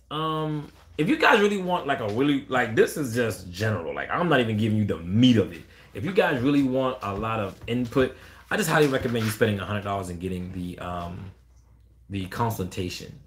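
A man's voice: medium pitch, normal speed. Blunt man on a live stream. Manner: blunt, animated, quotes callers in raised voices. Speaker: dog breeder answering live chat. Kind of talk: casual live stream chat.

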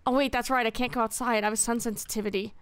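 A young woman streaming a game live, exasperated and swearing as she yells at her chat. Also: on the high side, steady tone, very fast, clear, resonant tone.

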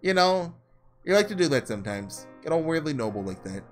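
A man's voice: a little high, sing-song, fairly quick, faint music behind. A man voicing a scornful young man from the slums, speaking in a slangy, mocking drawl.

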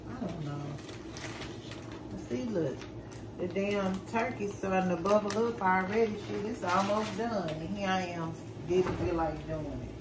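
A woman's voice: medium pitch, normal speed. A sleepy, exhausted woman vlogging casually with speech, laid-back and tired, chatting to viewers as y'all and swearing casually. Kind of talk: casual vlog chat to camera. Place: home kitchen, indoors. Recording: echoey room with background noise.

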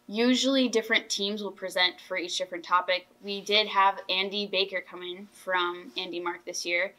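A teenage girl hosts a casual school podcast with a bright, forceful tone. She sounds earnest and enthusiastic and often restarts her sentences. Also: mid-range voice, steady tone, normal speed, low-quality recording. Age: teens. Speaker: podcast host. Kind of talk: casual chat.

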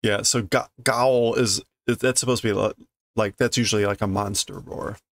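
A man reading a comic aloud and translating it as he goes, thinking aloud with halting restarts and fillers. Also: on the low side, fairly even intonation, vocal fry. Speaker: Japanese learner reading a comic on stream.

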